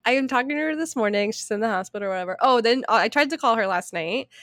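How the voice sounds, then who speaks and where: A woman in her thirties chatting on a podcast, high-pitched and animated as she tells a story. She swears freely and laughs often. The sound is close and dry, with no room echo. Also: racing. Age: 30s. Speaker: podcast co-host. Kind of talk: casual chat.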